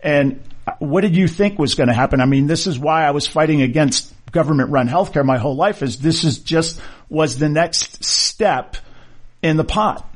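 A middle-aged man talks in a loose, conversational way, making a case with rhetorical questions. His voice sits a little higher than most men's. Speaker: orthopedic surgeon. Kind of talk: casual monologue.

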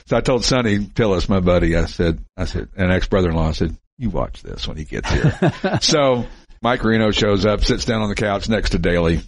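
A man in his late fifties co-hosts a podcast, telling stories in casual conversation and acting out the voices of the people he quotes. His voice is on the low side and a little fast, recorded with no room sound.

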